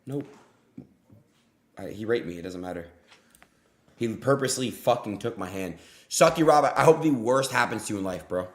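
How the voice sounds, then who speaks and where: Profane young male streamer, deep voice. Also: lively intonation, normal speed, pauses often. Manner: profane, swings from yelling to muttering. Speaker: live streamer. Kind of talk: live-streamed gambling commentary. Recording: roomy echo.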